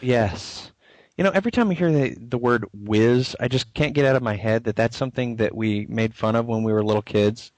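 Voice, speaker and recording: A man's voice: mid-range voice, brisk, no room sound. A man co-hosting a podcast in casual, rambling chat, with many fillers. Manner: chatty, rambling, filler-heavy. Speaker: podcast co-host.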